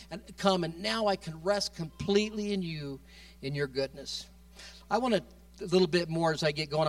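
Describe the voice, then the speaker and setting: Animated preacher heard from a distance. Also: male voice. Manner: animated, rises loud and high when quoting Moses; repeats words and restarts, asks the congregation "amen?". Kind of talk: sermon.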